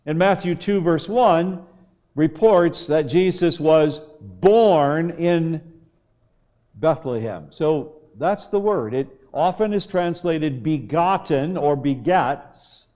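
A man preaching a sermon, slow and emphatic, with long pauses. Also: fairly high pitch, warm tone. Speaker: pastor.

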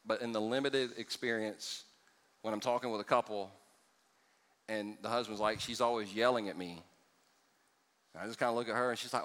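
Lively joking pastor, bright voice in a reverberant church hall. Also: male voice, fairly low pitch, fairly quick, long pauses. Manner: animated and joking with the congregation, swinging from loud to hushed. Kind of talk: sermon. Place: church sanctuary before a congregation.

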